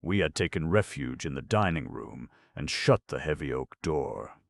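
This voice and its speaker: A man narrating a ghost story in a measured, dramatic reading. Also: a bass voice, animated, creaky, no room sound, clean studio sound. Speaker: audiobook narrator.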